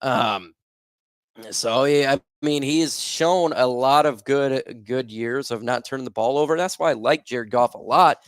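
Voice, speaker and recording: A young man chats casually on a sports livestream, reading out viewer comments and riffing on them with plenty of ums and restarts. His voice sits at an ordinary middle pitch. The sound is dry and close, with no room echo. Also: unhurried, clean tone. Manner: reads viewer comments aloud and reacts, loose and filler-heavy. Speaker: livestream host.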